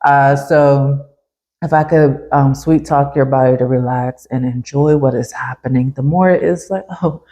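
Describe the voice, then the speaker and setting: A woman massage therapist talks shop as a guest on a podcast. Her voice sits low and sounds warm and relaxed. She tells her stories with energy and laughs often, acting out what her clients say. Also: moderate pace. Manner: animated, laughs often, acts out clients' reactions. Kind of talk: casual podcast conversation.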